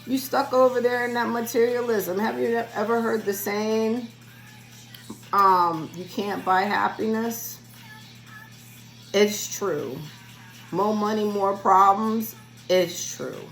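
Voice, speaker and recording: A woman's voice: medium pitch, slow, gravelly, long pauses, soft background music, rough recording. A woman giving a spiritual reading in a casual solo vlog, chatty and rambling as she talks straight to her viewers. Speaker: spiritual reader.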